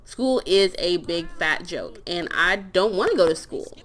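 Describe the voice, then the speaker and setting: A woman's voice: fairly low pitch, lively intonation, unhurried, fairly bright tone. A woman doing a sulky teenage boy talking back. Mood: sulky defiant. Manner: sassy, dismissive. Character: sulky defiant teenage boy skipping school.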